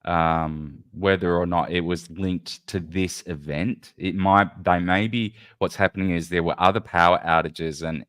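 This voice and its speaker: Deep-voiced man, rambling and profane. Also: fairly even intonation, a little slow, few pauses, fairly bright tone, clear, resonant tone, dry recording, studio quality. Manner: rambling, profane, self-interrupting. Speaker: podcast host. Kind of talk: casual chat while showing clips.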